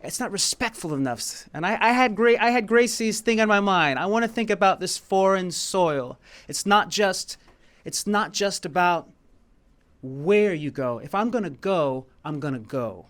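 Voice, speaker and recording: American guy telling a personal story live, kinda rambly and heartfelt, smooth voice a bit high. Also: animated, unhurried, a bit bright. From United States. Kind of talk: personal storytelling with sung bits. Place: small venue in Paris.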